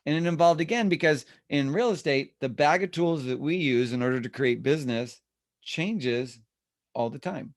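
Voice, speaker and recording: A man's voice: on the high side, normal speed, no room sound, clean studio sound. A man leading an online real estate class from his home office, chatty and rambling, over a video call. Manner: chatty, rambling, self-deprecating.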